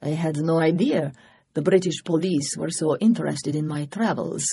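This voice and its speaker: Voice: mid-range voice, moderate pace, creaky, warm tone, slightly rough. A narrator voicing a guarded male Russian revolutionary with a heavy Russian accent, speaking coolly.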